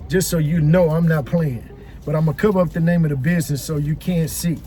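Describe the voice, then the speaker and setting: Animated high-voiced man ranting outdoors. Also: a little fast, a little hiss or hum. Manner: animated, profane, exasperated. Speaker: vlogger reviewing a restaurant. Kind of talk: casual storytelling rant.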